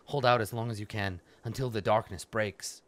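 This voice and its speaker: A man reading the lines of a solemn female mage in a quiet, measured, grave way. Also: lowish voice, steady tone, close to an everyday voice.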